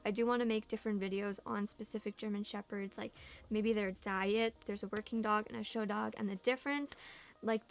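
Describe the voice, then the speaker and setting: Chatty young woman vlogger, higher voice. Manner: chatty, heavy use of "like". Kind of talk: casual Q&A vlog. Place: home room.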